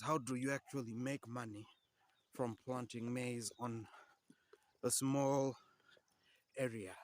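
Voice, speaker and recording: A man's voice: mid-range voice, fairly bright tone, no room sound. A man giving upbeat, emphatic farming advice in a casual vlog, slightly out of breath as he walks and talks, repeating his key points. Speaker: farming vlogger.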